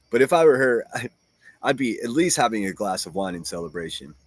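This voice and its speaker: A man talks on his livestream in a loose, profane, combative rant. He reads comments and mocks his critics. His voice sits at an ordinary pitch, and the recording is dry and close. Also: very animated, moderate pace, husky, dry recording. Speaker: livestream host reading chat.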